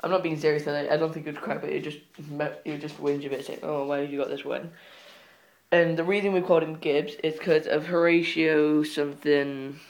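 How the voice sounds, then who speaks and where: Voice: mid-range voice, little pitch movement. Rambling teen vlogger. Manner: rambling, halting talk with many fillers, breaking off to give the dog short commands. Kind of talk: casual home vlog. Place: at home with a dog.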